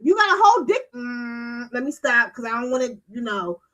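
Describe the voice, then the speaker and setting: A woman's voice: on the high side, sing-song, moderate pace, a bit bright, rough recording. A woman hosting a streaming talk show, ranting bluntly with a lot of swearing and emphatic delivery. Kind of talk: casual livestream commentary.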